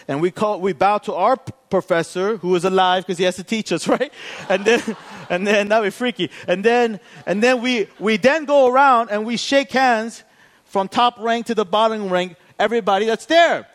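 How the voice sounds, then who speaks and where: A man's voice: high-pitched, steady tone, normal speed, fairly bright tone. A male pastor telling a story in a sermon, acting out both sides of a conversation and laughing along the way.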